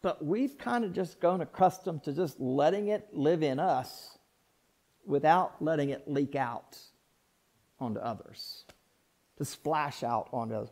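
A male pastor preaching a sermon in an emphatic, repetitive way, with sudden swings from loud to soft. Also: on the high side, animated, unhurried.

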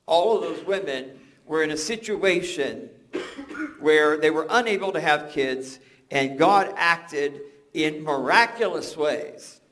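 Older pastor, slightly high voice. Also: male voice, takes it slowly, a bit bright. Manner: conversational and joking, restarts words often. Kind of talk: sermon.

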